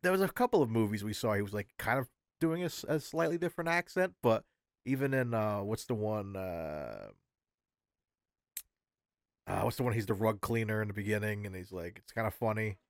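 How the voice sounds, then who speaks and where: A man's voice: on the low side, lively intonation, brisk, no room sound, studio quality. A man co-hosting a podcast in casual chat, rambling and searching for his words. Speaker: podcast co-host.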